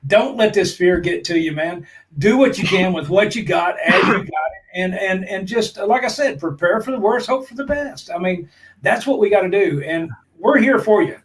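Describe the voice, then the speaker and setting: A man's voice: sits high, animated, moderate pace, slight background noise, rough recording. A man, co-hosting a casual live-stream chat in a folksy, joking way. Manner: folksy, jokey, calls people brother. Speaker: prepping channel co-host.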